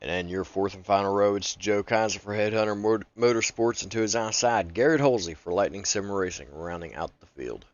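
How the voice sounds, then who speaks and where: A man co-hosting a sim racing broadcast, easygoing and lifting with excitement on race action. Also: fairly low pitch, brisk, hardly any pauses, lo-fi sound. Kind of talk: race commentary.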